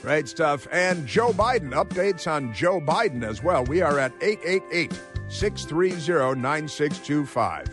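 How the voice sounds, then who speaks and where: A man's voice: a little high, lively intonation, measured pace, over music. A man hosting a political talk radio show, delivering a sarcastic, mocking monologue.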